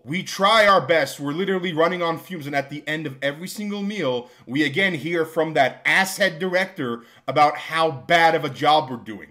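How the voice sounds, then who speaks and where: A man telling a storytime vlog about a job, exasperated and ranting. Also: a little high. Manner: exasperated, builds to shouting rants. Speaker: vlogger telling a work story. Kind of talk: storytime monologue.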